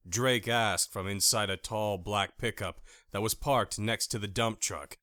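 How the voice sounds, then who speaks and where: A man narrating a first-person audiobook in an expressive, animated reading style on a close studio mic. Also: on the low side, a little slow, no room sound.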